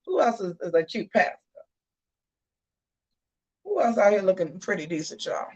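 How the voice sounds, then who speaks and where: Sassy, animated woman telling a story. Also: mid-range voice, normal speed, muffled recording. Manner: sassy, animated storytelling, addresses viewers as y'all. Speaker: host of a live gossip and commentary show. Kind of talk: casual chat to viewers.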